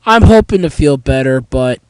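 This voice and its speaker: A man with a high, animated voice hosts a casual solo podcast, sounding nasal and stuffy from a head cold with a sore throat. He rambles with plenty of fillers and pauses, and beneath the congestion his tone is smooth and clear. The low-quality recording is dry and close, with no room sound.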